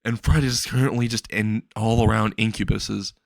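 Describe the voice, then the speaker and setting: A man's voice: on the low side, moderate pace, gravelly, no echo. Rambling man telling a fan story. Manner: rambling, excitable, swears freely, briefly voices characters. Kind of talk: casual improvised fan-fiction narration.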